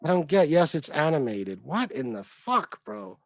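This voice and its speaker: A man's voice: fairly high pitch, sing-song, a little slow, no echo. A man hosting a livestream, reacting in a casual, profane, incredulous and exasperated way. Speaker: livestream host.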